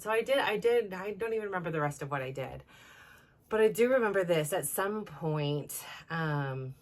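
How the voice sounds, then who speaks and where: A middle-aged woman hosting a self-improvement show, telling a personal story in a rambling, casual way full of "like" and "you know" and restarts. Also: deep voice. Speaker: self-improvement podcast host.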